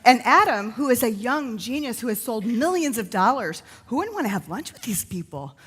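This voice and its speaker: A woman's voice: on the high side, sing-song, normal speed, a bit bright, breathy edge. A woman emceeing a live conference, effusive and talking straight to the crowd. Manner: bubbly, effusive, talks to the crowd. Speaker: event emcee. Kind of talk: live event hosting. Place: large conference hall. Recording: long hall reverb.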